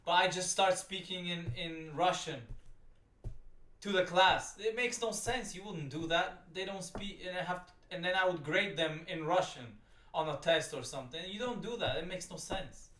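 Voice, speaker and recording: A man's voice: high-pitched, normal speed, fairly bright tone. A man giving profane, exasperated, rambling commentary while reacting to a video. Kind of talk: ranting commentary. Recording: roomy sound, distant from the mic.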